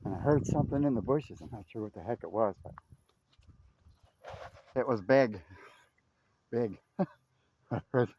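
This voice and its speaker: A man's voice: mid-range voice, expressive, a little slow, pauses often, dark tone. A man vlogging casually while walking his dog along a river trail, chatting and calling to the dog. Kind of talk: casual outdoor walk-and-talk. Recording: faint outdoor noise.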